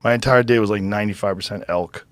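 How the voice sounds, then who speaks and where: A man's voice: on the low side, fast, fairly bright tone, no echo. A man talking casually on a podcast, loose and chatty with fillers. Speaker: podcast host.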